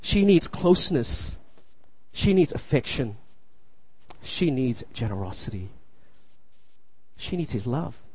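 A man's voice: medium pitch, sing-song, takes it slowly, long pauses, a little mellow, husky, dry recording. Earnest male preacher, dry close sound. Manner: earnest, repeats phrases, asks the room "you see?". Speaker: pastor. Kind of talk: sermon.

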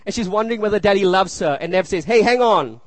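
A man's voice: high voice, animated, fast talker, no room sound. A man in his thirties preaching a sermon, earnest and repetitive, often asking his listeners "you see?". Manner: earnest, repeats phrases, asks the room "you see?". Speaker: pastor.

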